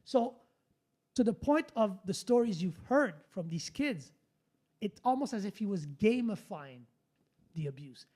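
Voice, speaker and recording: Here the man hosting the podcast has a high voice but takes his time, recounting a story in an easygoing, energetic, blunt manner full of profanity and restarted sentences.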